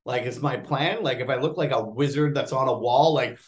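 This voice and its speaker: A man, an actor, chatting casually in an interview and telling lively stories. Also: mid-range voice, normal speed, hardly any pauses. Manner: animated storyteller, acts out quotes. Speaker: actor guest.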